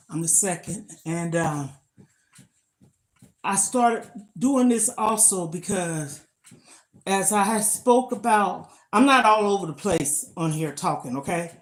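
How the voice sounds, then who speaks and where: Older lady chatting on a live stream mid-workout, emphatic, all about motivating ppl. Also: lowish voice. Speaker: lifestyle vlogger. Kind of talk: casual live-stream chat while exercising.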